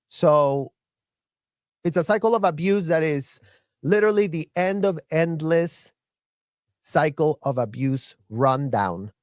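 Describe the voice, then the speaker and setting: A man with a high voice delivers an angry, profane rant, circling back on the same phrases again and again. He speaks slowly and deliberately, with a dry, close sound and no room echo. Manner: heated, profane, repetitive ranting. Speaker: commentator and former child member of the group.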